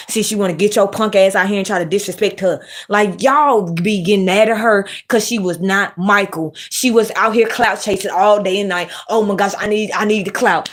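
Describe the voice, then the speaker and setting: A woman vlogger talks in a lilt. She rants bluntly and profanely. She keeps an animated, opinionated flow and snaps at her chat. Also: mid-range voice. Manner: reads live chat and scolds viewers. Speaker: commentary vlogger. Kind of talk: casual opinionated commentary.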